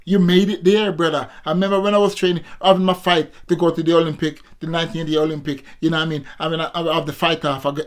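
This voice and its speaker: A Jamaican man around sixty, a former amateur boxer, talking to his viewers in a casual vlog monologue, preachy and repetitive, always calling out to his audience. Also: a little high. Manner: preachy, repetitive, keeps addressing viewers as people.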